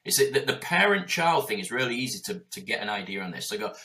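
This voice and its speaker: A man's voice: on the low side, sing-song, quick pace, pushed and bright. A man in his forties speaking in a passionate, emphatic and heavily profane conversational way as a guest. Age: 40s.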